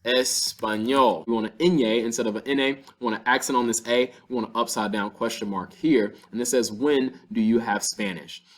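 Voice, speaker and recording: A man teaching a Spanish lesson, explaining step by step and slowing down to sound out example words. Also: mid-range voice, steady tone. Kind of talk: classroom-style language lesson.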